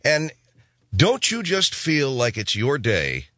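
A man's voice: mid-range voice, huge pitch swings, slow, a bit bright, no room sound. A man hosting a radio show, telling rambling stories with sarcastic jokes. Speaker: radio host. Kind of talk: comic radio monologue.

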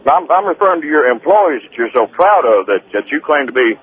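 A man's voice: fairly high pitch, sing-song, a little fast, breathy edge. A man calling in to a radio show, talking earnestly and stumbling over his words. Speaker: caller. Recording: tinny phone line.

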